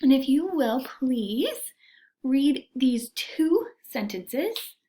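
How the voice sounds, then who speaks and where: A woman teacher giving a recorded reading lesson to young students, sounding out letters and vowel sounds with slow, careful diction. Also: sits high, big pitch swings, mellow.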